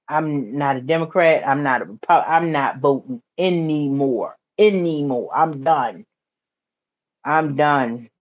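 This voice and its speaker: A woman from the United States hosting a casual livestream chat, telling a story in a chatty way, repeating phrases and going high when excited. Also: lo-fi sound. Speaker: livestream host.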